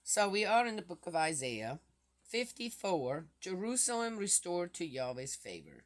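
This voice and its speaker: A woman reading scripture aloud and commenting on it, reading quietly and then reacting with indignant exclamations. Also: fairly low pitch, big pitch swings, moderate pace. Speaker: bible commentator.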